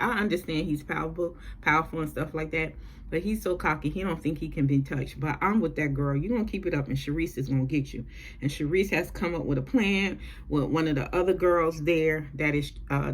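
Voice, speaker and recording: A woman's voice: low voice, slightly rough. A woman giving a casual, chatty TV episode recap, with profane, sassy asides. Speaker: TV recap vlogger.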